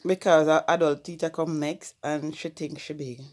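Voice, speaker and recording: A woman with a Jamaican accent talks casually in a home family vlog, coaxing and laughing as she slips between patois, English and French. Her voice sits a little low. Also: little pitch movement, normal speed, a little mellow. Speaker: family vlogger.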